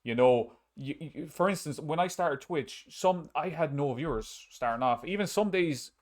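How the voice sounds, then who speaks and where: A man's voice: on the high side, animated, normal speed. Rambling man hosting a podcast. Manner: rambling, frequent restarts, swears casually. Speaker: podcast host and streamer. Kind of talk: casual podcast chat.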